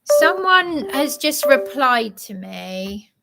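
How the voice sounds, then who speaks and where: A woman's voice: sits high, big pitch swings, slow pace, creaky. A woman live streaming, talking in a flustered, agitated and apologetic way. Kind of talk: rambling live-stream chat.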